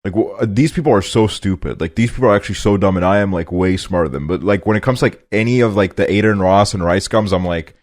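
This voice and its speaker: Laid-back lower-voiced young-sounding man rambling. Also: fast talker, few pauses. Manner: rambling, heavy use of "like", swears freely. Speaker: podcast host. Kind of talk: casual chat. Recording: quieter guest mic issue noted.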